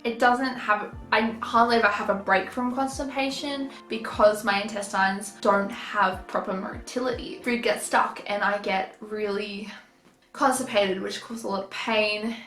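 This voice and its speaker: A woman's voice: mid-range voice, fairly even intonation, unhurried, a bit bright, echoey room, faint music behind, rough recording. A woman vlogger talking casually to camera, tired and out of breath, chatty and apologetic.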